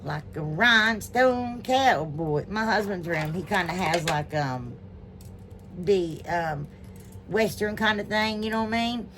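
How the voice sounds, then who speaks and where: A woman's voice: on the low side, a little slow, a little hiss or hum. A woman hosting a home DIY channel, chatting casually and gushing to her viewers about gifts, with lots of fillers and an Ohio accent. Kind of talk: casual unboxing chat to viewers.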